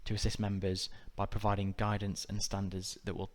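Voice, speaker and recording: A man narrating a scripted exam-prep lesson in a measured, methodical way. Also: lowish voice. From United Kingdom. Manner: measured, even, methodical delivery. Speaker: exam tutor.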